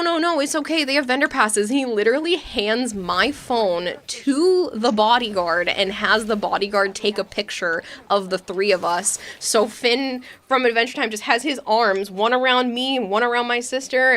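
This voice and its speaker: A woman's voice: medium pitch, moderate pace, hardly any pauses, a bit bright. A young adult woman streaming, telling stories in a chatty way and laughing often. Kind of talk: casual gaming stream chat.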